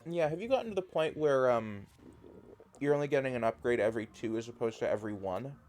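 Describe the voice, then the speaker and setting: A rural Canadian man hosts a live gaming stream from his home, talking casually and rambling with plenty of fillers as he plays. He speaks fast at a medium pitch, expressive yet a little mellow, with a Canadian accent.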